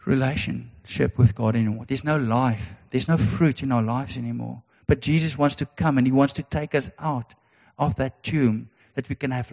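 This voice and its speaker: A man's voice: mid-range voice, darkish tone. Guy preaching, earnest, lots of repeated questions, muffled sound, big echoey hall. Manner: earnest, repetitive preaching with emphatic rhetorical questions. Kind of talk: sermon. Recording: dull sound in a reverberant hall.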